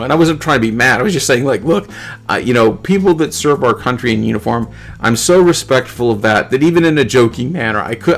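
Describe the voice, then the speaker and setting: A man's voice: medium pitch, creaky. A middle-aged man hosting his channel, casually talking through viewer comments in a rambling, good-humored way. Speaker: YouTube channel host. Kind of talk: casual talk to camera, reading viewer comments.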